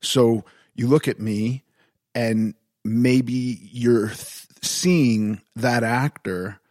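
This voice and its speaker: Slow, halting male podcast host. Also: medium pitch, fairly even intonation, darkish tone, no echo, clean studio sound. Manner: unhurried, halting, with restarts. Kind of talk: casual podcast chat.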